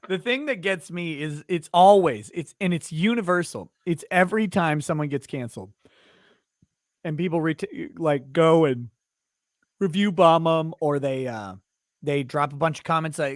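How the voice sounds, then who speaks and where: A man's voice: on the high side, dry recording. Indignant male host, dry sound. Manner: indignant, quick ranting. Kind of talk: casual interview talk.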